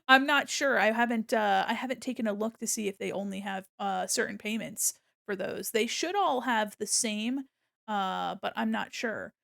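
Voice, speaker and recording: A young adult woman hosting a charity live stream, gushing and excitable, often laughing as she thanks donors. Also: a little high, vocal fry. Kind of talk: casual live-stream chat.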